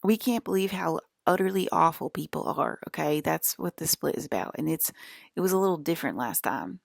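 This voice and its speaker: A woman's voice: sits low, lively intonation, brisk, creaky, no room sound, clean studio sound. A woman talking to camera in a rambling, emphatic monologue, swearing and checking in with "okay?" after her points. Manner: emphatic, profane, keeps asking "okay?". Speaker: vlogger.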